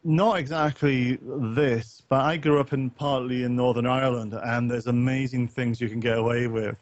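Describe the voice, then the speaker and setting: A man thinks aloud in a loose late-night chat, circling back with "um"s and false starts and tossing in the odd swear word. His voice sits at an ordinary middle pitch. The sound is muffled and lo-fi, with a dry, close feel and no room around it. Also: fairly even intonation, moderate pace, no echo. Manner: rambling, many fillers and restarts, casual swearing. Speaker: co-host of a gaming talk stream.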